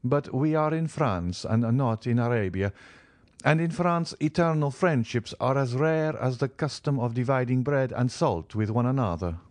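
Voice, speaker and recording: A man's voice: medium pitch, animated, moderate pace, darkish tone, no room sound, studio quality, pitched above the performer's own voice, natural voice. A man voicing a reserved, courteous count with formal, restrained politeness in an audiobook reading. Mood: courteous, guarded.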